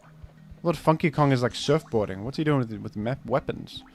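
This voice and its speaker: A man's voice: medium pitch, moderate pace, faint music behind. A young man streaming a game, reading chat with dry, joking banter. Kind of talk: casual gameplay commentary.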